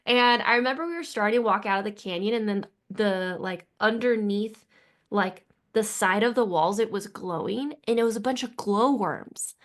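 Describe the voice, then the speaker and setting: A woman co-hosting a podcast, telling a long story in casual chat, animated and full of "like" fillers. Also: medium pitch, moderate pace. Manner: animated, filler-heavy with constant "like". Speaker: podcast co-host.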